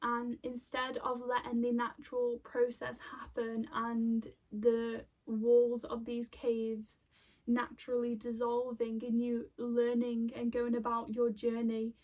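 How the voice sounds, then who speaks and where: A woman's voice: a little high, completely flat delivery, takes it slowly, darkish tone. A woman giving a casual spiritual card reading, rambling with lots of fillers and heartfelt emotion. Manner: rambling, full of fillers and restarts. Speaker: intuitive card reader. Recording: voice a bit far from the mic.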